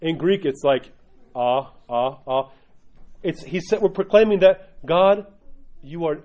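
This Orthodox Christian teacher has a high, darkish voice and runs a religion class for a group. He moves at an uneven pace, regularly breaking off to question the class, all captured in dull lo-fi audio.

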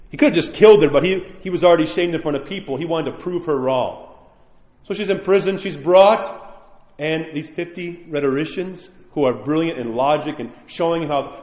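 A man preaching an animated storytelling sermon, repeating phrases for emphasis. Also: on the high side, normal speed. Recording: echoey hall with long reverb.

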